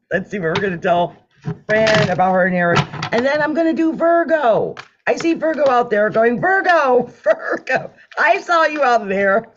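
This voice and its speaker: A woman's voice: on the high side, background noise. A chatty woman reading tarot cards on a live stream, laughing often and humming as she draws. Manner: chatty, animated, laughs often, hums while drawing cards. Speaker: tarot card reader. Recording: dull lo-fi sound.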